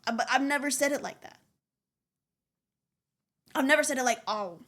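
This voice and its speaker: A woman's voice: high voice, fairly even intonation, moderate pace, fairly bright tone. A woman streamer with a light Southern US accent, chatting casually while reacting to a video, self-conscious and often restarting her words.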